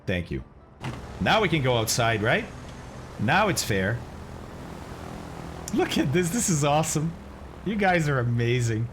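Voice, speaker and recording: A man's voice: fairly high pitch, wildly swooping pitch, measured pace, long pauses, fairly bright tone, slight background noise. A man chatting casually on a live stream, thanking viewers and exclaiming and groaning as he reacts to the chat. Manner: groaning and exclaiming over bad-tasting candy. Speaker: flight simulator streamer.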